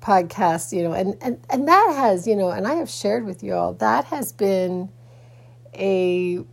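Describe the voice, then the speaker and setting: A woman's voice: mid-range voice, lively intonation, unhurried, creaky, husky. A woman podcaster talking in a casual personal vlog, rambling with many restarts and fillers, sleepy and yawning early in the morning.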